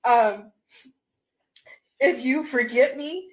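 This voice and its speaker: A woman, a dance teacher, recording an emotional video message. She is tearful and laughs through her tears as she speaks in a halting, repetitive way. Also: high-pitched.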